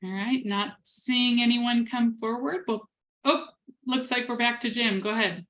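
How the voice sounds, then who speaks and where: A woman moderating an online memorial over a video call, briskly directing the speakers in turn. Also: a little high, a bit bright. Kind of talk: hosting an online meeting.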